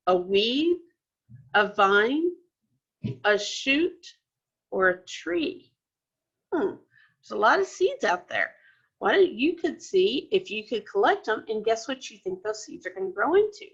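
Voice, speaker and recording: A woman's voice: a little high, a bit bright, muffled recording. A woman teacher giving a recorded lesson to young children, explaining patiently step by step. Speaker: second grade teacher.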